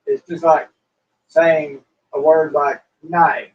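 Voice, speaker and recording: Casual male co-host, pitched high, dull lo-fi sound, reads out viewer messages. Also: level tone, takes it slowly. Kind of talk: casual livestream chat. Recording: muffled lo-fi sound.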